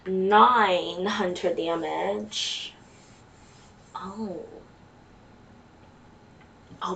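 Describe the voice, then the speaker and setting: Slow, gravelly woman gaming. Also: medium pitch, fairly bright tone. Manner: chatty, mutters to herself while playing. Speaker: let's play gamer. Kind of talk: casual gameplay commentary. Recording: distant mic with faint noise.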